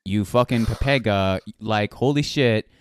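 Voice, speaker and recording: Low, smooth-voiced joking man. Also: measured pace. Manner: joking, reads chat questions aloud, laughs often. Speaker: podcast host interviewing a streamer. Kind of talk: casual chat.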